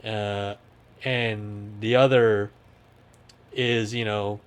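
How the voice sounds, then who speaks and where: A man's voice: lowish voice, level tone, very slow, clear, resonant tone. Easygoing man chatting about shows. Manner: rambling, laughs often, breaks into movie quotes. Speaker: podcast co-host. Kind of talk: casual chat.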